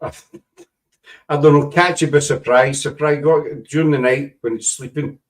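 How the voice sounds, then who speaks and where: A man's voice: on the high side, steady tone, normal speed, rough recording. A man, hosting a casual chat and rambling through stories with many asides. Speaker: podcast host.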